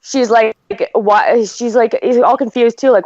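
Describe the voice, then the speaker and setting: A woman's voice: a little high, steady tone, measured pace, a little mellow, dry recording. A woman in her thirties from Canada, chatting on a podcast and telling a long personal story full of fillers and quoted dialogue. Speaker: podcast co-host. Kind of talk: casual chat. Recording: dry, dull lo-fi podcast audio.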